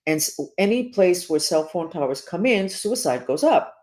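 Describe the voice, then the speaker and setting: A woman speaking as a spiritual teacher in a monologue to her listeners. She talks earnestly and urgently, repeats herself and slows down to stress key words. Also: on the low side, lively intonation, a little mellow.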